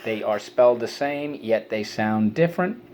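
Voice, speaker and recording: A man teaching a spelling lesson, encouraging and sounding out syllables slowly. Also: on the low side, lively intonation, darkish tone, a little hiss or hum.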